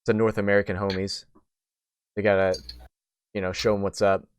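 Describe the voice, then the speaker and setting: A man's voice: on the low side, flat delivery, a little fast, a little hiss or hum. A young man hosting a casual gaming podcast, talking in a rambling way full of "like" and restarts. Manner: rambling, many fillers and restarts. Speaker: podcast host.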